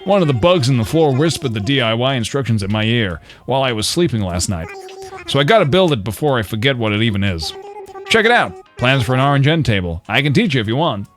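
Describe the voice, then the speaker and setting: A man's voice: mid-range voice, big pitch swings, fast talker, a bit bright, soft background music, voice pushed down. A man reading aloud the lines of a chirpy, friendly female dog villager in a game. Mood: cheery.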